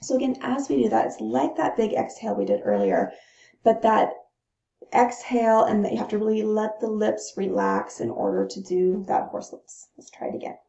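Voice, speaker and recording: A woman teaching breathing techniques in a calm, instructional way, pausing to demonstrate the breaths. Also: medium pitch, gravelly. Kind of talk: gentle instructional talk. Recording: roomy, dull lo-fi sound.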